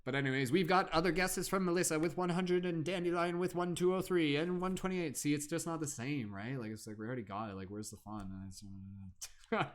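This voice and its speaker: A man's voice: fairly high pitch, fairly even intonation, brisk. Chatty man hosting a livestream. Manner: chatty, playful, hums and scats while waiting. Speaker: livestream host. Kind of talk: casual livestream chat.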